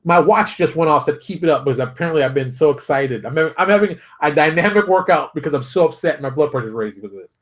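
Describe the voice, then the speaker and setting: A man hosting his own show, talking straight to viewers in a fired-up, preachy rant full of rapid rhetorical questions. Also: fairly high pitch, lively intonation. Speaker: show host. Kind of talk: animated solo commentary.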